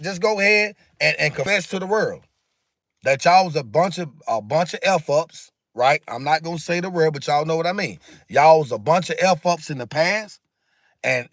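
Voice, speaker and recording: A man's voice: fairly high pitch, fairly bright tone, no room sound, studio quality. A man hosting a casual livestream, talking emphatically and repetitively in a preachy way while answering viewer comments. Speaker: livestream host.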